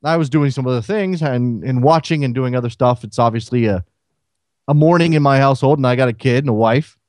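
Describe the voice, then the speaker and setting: A man's voice: mid-range voice, fairly quick, a little mellow, no echo. A man hosting a solo sports talk radio show, firing rhetorical questions at listeners.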